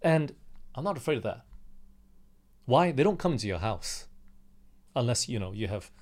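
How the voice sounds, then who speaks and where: Leading a Bible study, a young pastor from Australia uses a conversational sermon style, frequently putting questions to his listeners and acting out quotes. His medium-pitched voice is sing-song, at a moderate pace.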